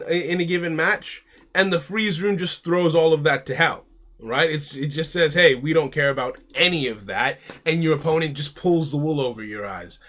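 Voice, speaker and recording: He has a highish, bright voice with real force behind it. An American streamer at home, he chats in a relaxed way and voices his card game decisions as he goes, using "mate" for the people he talks to.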